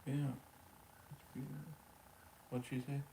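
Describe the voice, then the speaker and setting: A man co-hosts a relaxed live stream, talking straight to his viewers by name. His chat is easygoing and full of jokes, at a middle pitch. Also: measured pace, slight background noise. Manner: chatty, joking, talks to viewers by name.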